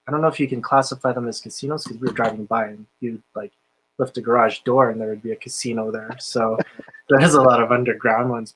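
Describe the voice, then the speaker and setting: A man's voice: medium pitch, fairly bright tone, poor audio. Laid-back guy hosting a chat show, lots of likes and ums, laughs easy. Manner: laid-back, filler-heavy, laughs often. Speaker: podcast host, casino dealer. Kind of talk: casual chat.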